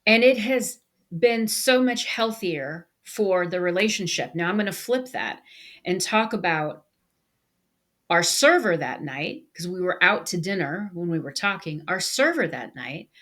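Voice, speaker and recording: A woman co-hosting a podcast, telling a story in casual conversation and acting out the people she quotes. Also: lowish voice. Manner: animated storyteller, acts out quoted voices. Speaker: podcast co-host.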